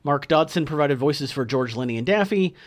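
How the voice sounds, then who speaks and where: A man co-hosting a casual podcast, reading film trivia from his notes and breaking off for chatty asides. His voice sits slightly high and his pitch swings widely. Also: expressive, brisk. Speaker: podcast co-host.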